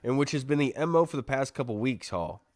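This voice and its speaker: A man's voice: medium pitch, expressive, quick pace, darkish tone, no room sound. A man hosts a sports podcast in a chatty, rambling way, thinking aloud through his points. His voice sits in a middle register and sounds dry and close to the mic. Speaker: podcast host. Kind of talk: casual sports podcast talk.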